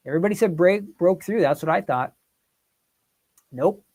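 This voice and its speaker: Hosting a relaxed live quiz, a man talks his way through word questions and invites the chat to weigh in. His voice sits high and expressive, at normal speed, with a darkish tone.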